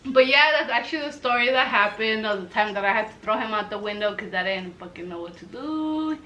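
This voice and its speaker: A young woman telling a funny personal story to camera in a casual, animated way, swearing freely and acting out what everyone said. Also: on the high side, a little fast, slight background noise, rough recording. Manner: animated, swears freely, acts out quoted lines. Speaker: storytelling vlogger.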